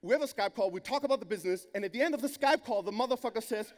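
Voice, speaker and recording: A man from Greece with a German accent gives an energetic keynote talk, telling stories bluntly and swearing freely. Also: high voice, very fast, long reverb tail. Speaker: conference speaker. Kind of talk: keynote storytelling.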